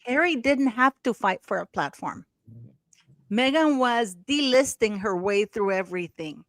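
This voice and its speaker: A woman's voice: a little high, expressive, measured pace, no echo. Woman, live stream co-host, casual chatty talk, laughs often, dry close sound. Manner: chatty, thanks viewers warmly, laughs often. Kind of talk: casual chat.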